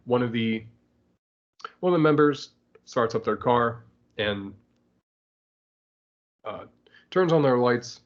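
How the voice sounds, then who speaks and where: Casual male podcast co-host, mid-pitched, jokey, breaks into character bits, muffled recording. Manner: laughs often, acts out characters in quoted asides. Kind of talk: casual chat.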